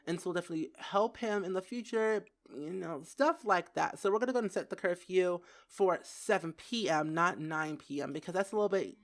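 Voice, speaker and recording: A young woman giving casual gameplay commentary who giggles, gets excited and says "like" a lot. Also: lowish voice, a little fast, hardly any pauses. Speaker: gaming video creator.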